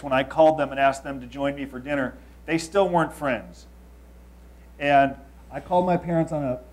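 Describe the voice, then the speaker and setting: A man in his thirties from Los Angeles, telling a confessional story to an audience. He swings between loud emphasis and quiet asides. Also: fairly high pitch. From Los Angeles, United States. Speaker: speaker.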